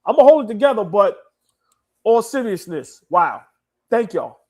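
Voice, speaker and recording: A man's voice: sits high, big pitch swings, moderate pace, a little mellow. A young man co-hosting a live sports stream, sentimental and repeating himself as he thanks viewers. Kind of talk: emotional live stream chat.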